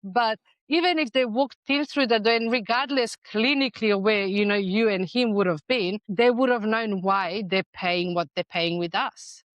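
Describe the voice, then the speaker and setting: A woman's voice: medium pitch, moderate pace, hardly any pauses, no room sound. A middle-aged woman speaking as a podcast guest, explaining her ideas in a persuasive, emphatic way. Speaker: guest, dental practice management consultant. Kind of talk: conversational interview.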